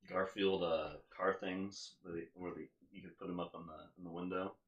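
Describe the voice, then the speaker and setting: A man with a very low voice co-hosts a casual podcast chat. He mostly gives short replies and quiet asides, and his voice carries a roomy echo. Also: fairly even intonation, moderate pace, highs cut off. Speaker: podcast co-host. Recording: roomy echoey room.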